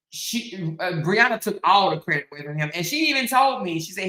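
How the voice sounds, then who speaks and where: A woman hosts an opinionated commentary monologue, speaking emphatically and repeating her points. She keeps checking in with the listener. Her voice is bright and sounds roomy, with a noticeable echo. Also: on the low side, expressive, brisk, hardly any pauses. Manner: emphatic, repeats phrases, frequent "right?". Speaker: commentary host.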